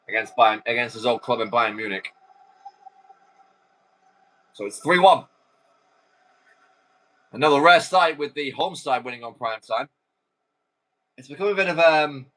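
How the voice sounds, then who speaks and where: A man's voice: mid-range voice, sharp tone, poor audio. A man hosting a watchalong, calling a football video game live with chatty, rambling asides. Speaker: host.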